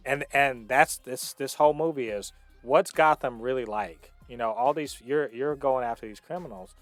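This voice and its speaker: A man's voice: medium pitch, moderate pace, no room sound, soft background music. A man co-hosting a casual movie review podcast, explaining emphatically with frequent restarts. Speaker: podcast co-host.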